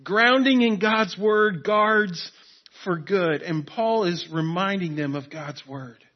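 A man with a high voice preaches to his congregation, earnest and insistent, circling back to the same phrases to drive them home. The recording sounds dull and lo-fi. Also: takes it slowly. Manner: earnest, repeats key phrases for emphasis. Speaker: pastor. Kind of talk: sermon.

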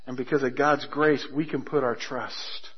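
A man preaching a sermon as a pastor, telling stories with humor and slowing down hard on key phrases. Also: mid-range voice, fairly even intonation, husky. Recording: muffled lo-fi sermon recording.

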